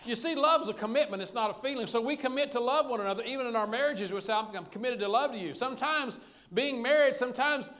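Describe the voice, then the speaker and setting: A pastor preaches in a relaxed, joking, conversational manner. His voice sits high for a man. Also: fast. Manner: folksy, conversational preaching with humor. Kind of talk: sermon.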